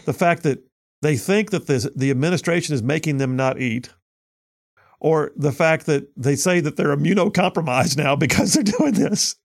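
A man's voice: on the high side, moderate pace. A male talk radio host, giving sarcastic, mocking commentary and laughing often.

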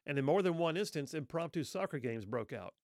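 A man's voice: fairly high pitch, animated, fairly quick, a little mellow, no room sound, studio quality. A man telling a historical story in an earnest, reflective way, with rhetorical questions.

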